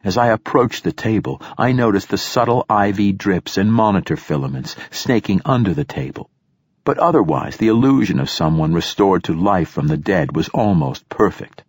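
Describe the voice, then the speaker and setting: A man narrating a first-person audiobook in a measured, descriptive way. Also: deep voice, animated, slightly rough, dry recording, studio quality.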